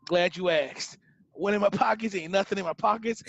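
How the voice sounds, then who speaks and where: Podcast co-host, man in his thirties, high voice, lively storyteller, dry muffled recording. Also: moderate pace, dry recording. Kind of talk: casual storytelling chat.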